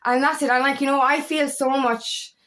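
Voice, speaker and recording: A woman's voice: sits high, fairly even intonation, moderate pace, a bit bright. Raw, emotional woman coach, rambling and swearing. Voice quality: eccentric, quirky talker. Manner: rambling, heartfelt, swears often, voice catching with emotion. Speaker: feminine empowerment coach. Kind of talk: emotional personal vlog monologue. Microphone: camera.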